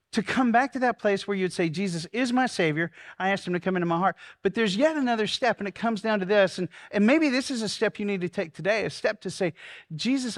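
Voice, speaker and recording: A pastor in his sixties delivers a sermon with a high, light voice. He is earnest and heartfelt, building to fervent pleas before slowing into quiet, deliberate prayer. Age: 60s. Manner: earnest, rises to fervent pleading then drops to slow soft prayer. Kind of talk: sermon leading a congregational prayer.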